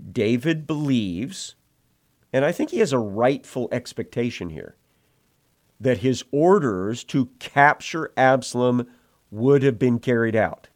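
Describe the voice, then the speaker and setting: A man preaching an expository sermon, retelling the passage verse by verse in a measured, explanatory way. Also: mid-range voice, animated, a little mellow, no room sound, clean studio sound.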